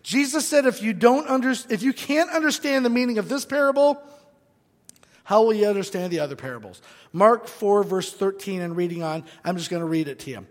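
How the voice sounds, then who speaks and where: A male pastor preaching a sermon, animated, swinging from loud bursts to hushed asides. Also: high voice, brisk. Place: church sanctuary. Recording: long hall reverb.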